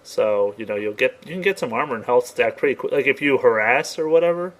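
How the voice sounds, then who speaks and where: A man's voice: medium pitch, lively intonation, fast. A man co-hosting a casual gaming podcast, chatty and loose in his talk. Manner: loose and chatty, with frequent laughter. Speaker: podcast co-host.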